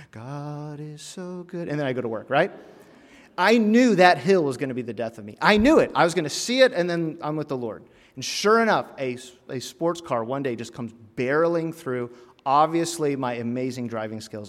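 A man preaching a sermon and telling a humorous personal story, animated, with sudden loud, emphatic bursts and quiet drops. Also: a little high. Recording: long hall reverb.

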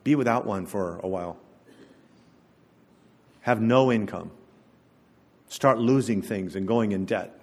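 A man's voice: lowish voice, unhurried, long pauses, a little mellow, breathy edge. Male pastor preaching in a reverberant hall. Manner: conversational storytelling with humor. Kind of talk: sermon. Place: church sanctuary with congregation. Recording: echoey church hall.

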